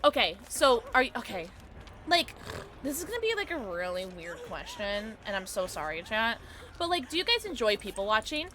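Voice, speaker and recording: A woman livestreaming while gaming, chatting excitedly with her viewers in a loose, filler-heavy way. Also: a little high, normal speed, noisy background. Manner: excitable, chatty, talks to chat, many fillers like "like". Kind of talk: casual gaming livestream chat. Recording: game music audible behind voice.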